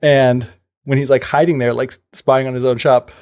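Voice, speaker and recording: Gravelly man casually retelling a folk tale. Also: medium pitch, flat delivery, moderate pace, darkish tone. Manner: loose storytelling peppered with fillers and paraphrased quotes. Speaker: podcast co-host.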